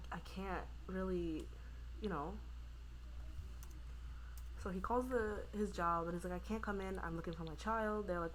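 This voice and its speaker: A woman casually narrating a life-sim game, rambling with lots of "like" and "you know" and voicing the characters' lines in quick asides. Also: mid-range voice, slight background noise. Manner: voices the Sims' lines in quick quoted asides. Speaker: gameplay narrator. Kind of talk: casual let's-play storytelling.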